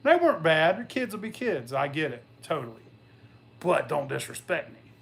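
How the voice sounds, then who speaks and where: A man hosting a casual show tells rambling, profane stories from his past, laughing along as he goes. His voice is fairly high, swings widely in pitch, moves at a moderate pace, and has vocal fry.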